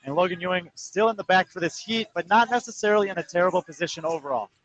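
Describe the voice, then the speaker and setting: A man giving live play-by-play commentary on a fitness competition, calling times and placings in quick, precise detail. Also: high voice, a bit bright, rough recording. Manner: rapid, precise, number-heavy calling. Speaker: sports commentator.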